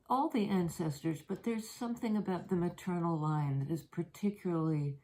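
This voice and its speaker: An older woman and grandmother giving a tarot reading, talking in a soft, meandering, personal way with many fillers. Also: on the low side, a little hiss or hum, low-quality recording. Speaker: tarot reader. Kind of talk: reflective spoken reading. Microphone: handheld or propped camera.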